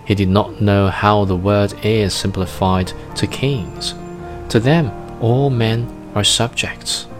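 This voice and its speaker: A man narrating a storybook in a slow, careful reading. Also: fairly low pitch, soft background music.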